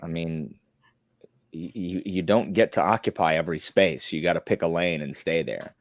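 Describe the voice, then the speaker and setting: A man's voice: deep voice, normal speed, no room sound, clean studio sound. A man hosting a casual podcast, chatty and teasing, talking over a computer mic on a call. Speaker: podcast host. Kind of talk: casual chat.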